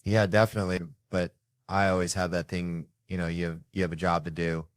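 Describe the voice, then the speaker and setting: An American man, a comedian guest, telling stories in a casual, rambling, self-mocking way with quick asides. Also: deep voice, flat delivery, no echo, clean studio sound. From United States. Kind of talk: casual storytelling chat.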